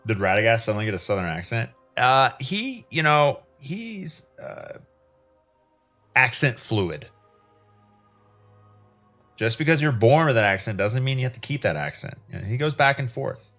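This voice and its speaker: A man's voice: medium pitch, sing-song, normal speed, pauses often, sharp tone, soft background music. A man streaming live gameplay, chatting wryly and reacting aloud to the game.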